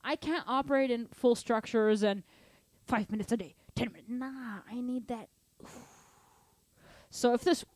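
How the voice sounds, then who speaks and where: A woman drum teacher talks students through accent exercises in a loose, long-winded way, breaking into sung counts and syllables to demonstrate. Her voice sits a little high, and the recording is dry and close. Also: unhurried, pauses often, no room sound. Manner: animated, sings rhythms and counts aloud; chatty, long-winded explanations. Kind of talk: casual online drum lesson Q&A.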